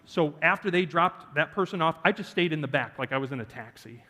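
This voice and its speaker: Pausing often and speaking a little slowly, this preacher has a voice on the high side. In the reverberant church sanctuary, he animatedly jokes with the congregation while recounting a personal story.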